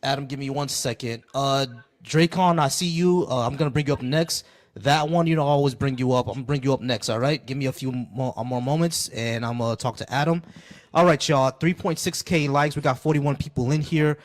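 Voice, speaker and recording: Man, live debate stream host, casual chat, relaxed, filler-heavy. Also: medium pitch, brisk. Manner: relaxed, chatty, many fillers and restarts.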